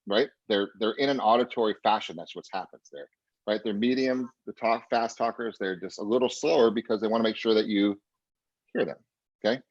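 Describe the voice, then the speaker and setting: Man, sales trainer, low husky voice, muffled dry lo-fi call audio, coaching tone. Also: fairly quick, dry recording. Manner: energetic coaching, repeats "right?" and "pay attention", acts out client quotes. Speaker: real estate sales trainer. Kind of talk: training session over video call.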